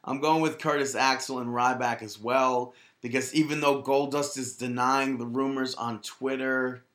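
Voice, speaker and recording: Bright-voiced joking podcast guy. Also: mid-range voice, fairly even intonation, echoey room. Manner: joking, teasing, quick to argue. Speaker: podcast co-host. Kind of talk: casual chat about wrestling.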